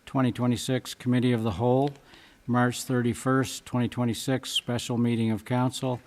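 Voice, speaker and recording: A man's voice: medium pitch, level tone, normal speed, a little mellow. A man on a town council reading out a formal motion, listing meeting dates. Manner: reads dates in a list. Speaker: council member moving a motion. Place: council chamber.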